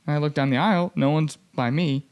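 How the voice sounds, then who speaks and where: A man's voice: a little high, fast, clear, resonant tone, highs cut off. A young man hosting a podcast, telling a story in casual chat and acting out the people he quotes, with many fillers. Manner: animated, acts out quoted voices, many "like" fillers.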